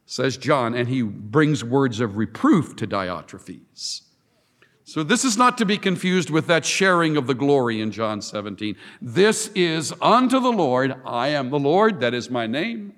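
A man preaching a sermon, emphatic, moving between hushed lines and ringing declarations. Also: on the high side. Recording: long hall reverb.

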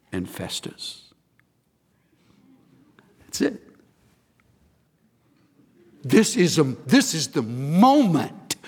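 Male preacher, dramatic first-person storyteller, lively pitch, long hall reverb. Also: breathy edge. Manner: dramatic retelling in first person, repeating words. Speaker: pastor. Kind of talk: sermon.

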